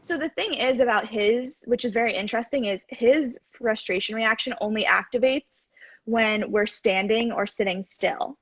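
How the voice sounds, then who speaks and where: A woman's voice: on the high side, normal speed, fairly bright tone, husky, dry recording. A woman in her twenties, a guest in a casual chat, explaining earnestly and at length. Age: 20s. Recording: dull dry call audio.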